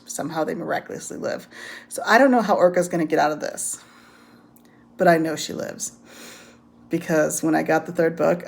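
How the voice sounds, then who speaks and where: A woman's voice: lowish voice, gravelly. A woman giving a casual, rambling recap of a book's plot, with frequent ums and laughter. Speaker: book reviewer. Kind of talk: casual spoken book recap.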